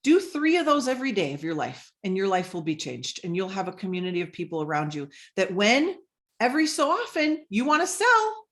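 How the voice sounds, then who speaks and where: Energetic woman coaching on sales. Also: mid-range voice, brisk. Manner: energetic, conversational, acts out sample messages. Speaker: business coach. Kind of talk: coaching talk on social media sales.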